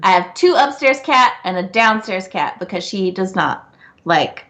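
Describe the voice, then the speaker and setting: A woman co-hosting a casual live Q&A stream, telling stories and laughing often. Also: unhurried. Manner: animated storyteller, laughs often, jumps high in quoted bits. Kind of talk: casual chat.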